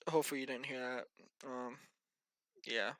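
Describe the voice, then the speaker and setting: A man's voice: medium pitch, steady tone, moderate pace, fairly bright tone, dry recording. A tired, yawning man giving a casual, rambling weather briefing and muttering to himself as he thinks aloud. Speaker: amateur weather vlogger.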